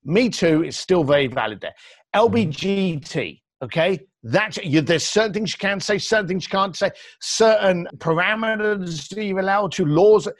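A man's voice: high-pitched, normal speed, dry recording. A man, a podcast guest, talking bluntly and acting out other people's lines. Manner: blunt, animated storyteller who acts out quotes. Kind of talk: podcast interview.

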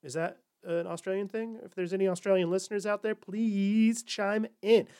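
A man's voice: high voice, fairly even intonation, moderate pace, warm tone, clear, resonant tone. A man hosting a comedy podcast, delivering a sarcastic monologue and slipping into mocking corporate voices. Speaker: podcast host.

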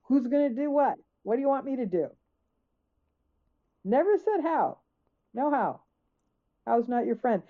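A woman's voice: sits high, very animated, a little slow, long pauses. A woman guest author in conversational storytelling, emphatic, acting out her own questions. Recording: tinny phone-like line.

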